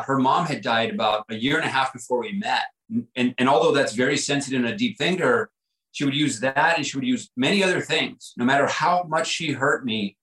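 A man's voice: mid-range voice, a bit bright, reverberant, poor audio. A man guest on a podcast, telling a personal story in an earnest, reflective way, often repeating himself and saying "like" and "right?".

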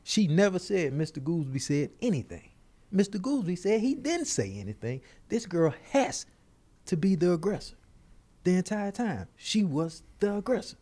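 A man puts on a calm courtroom judge who speaks a little higher and softer than his usual voice, measured and matter-of-fact. The judge lays out his ruling plainly.

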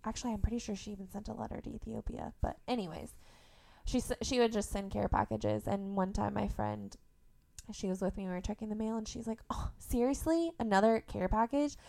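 A young woman from Indiana chats as a podcast guest, her mid-range voice carrying a gravelly edge of vocal fry. She tells stories with animation and laughs easily along the way. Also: mid-range voice, a little fast. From Indiana, USA. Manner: animated storyteller, laughs often. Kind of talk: casual interview chat.

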